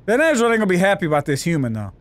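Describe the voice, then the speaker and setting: A man giving loud, joking, profane commentary while playing a video game. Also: high-pitched, sing-song, racing. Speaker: gameplay commentator. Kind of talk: let's play commentary.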